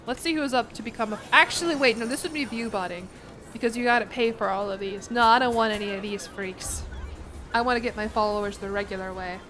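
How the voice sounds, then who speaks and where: A woman streaming a game, chatting casually in a rambling, jokey way full of quick asides. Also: a little high, fairly bright tone, soft background music. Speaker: VTuber streamer. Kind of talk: casual livestream commentary while gaming.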